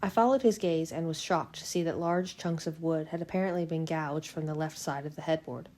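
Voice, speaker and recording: A woman reading a novel aloud in the first person, in a steady, unhurried way. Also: low voice. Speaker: fan audiobook reader.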